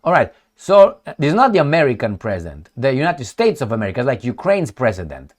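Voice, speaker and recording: A man's voice: medium pitch, huge pitch swings, quick pace. A man giving opinionated political commentary, sarcastic and mocking, full of rhetorical questions and restarts. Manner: speaks in short bursts with frequent restarts and rhetorical questions.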